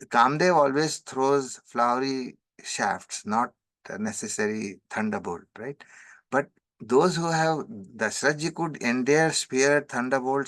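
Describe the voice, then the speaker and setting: Guy teaching scripture, rattles off verses fast then explains slow, mid voice, dry sound. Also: medium pitch, fairly bright tone, dry recording. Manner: chants verses rapidly, then explains in measured English. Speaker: spiritual teacher. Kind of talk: scripture commentary.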